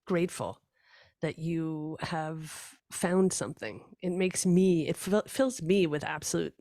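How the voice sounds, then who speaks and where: A woman podcast host with a lowish voice and some vocal fry, recorded dry and close. She affirms her guest and talks in a loose way, full of fillers and restarts. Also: a little slow, no room sound. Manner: warm, affirming, with many fillers. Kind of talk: casual interview.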